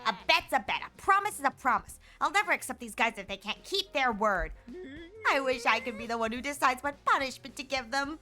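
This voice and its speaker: A woman's voice: high-pitched, lively intonation, a little fast, pushed and bright, faint music behind. A young woman reading teen game characters' dialogue aloud in character.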